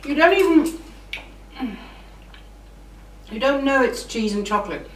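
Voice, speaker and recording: A woman with a high, expressive voice speaks slowly while hosting a casual cooking demonstration, chatting enthusiastically through each step in her home kitchen. The mic sits at a distance in the roomy kitchen, with slight background noise.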